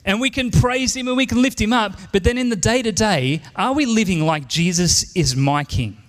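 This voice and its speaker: A man's voice: high-pitched, moderate pace, long reverb tail. An Australian man in his forties preaching a sermon in church, earnest and emphatic, repeating his key lines. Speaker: pastor.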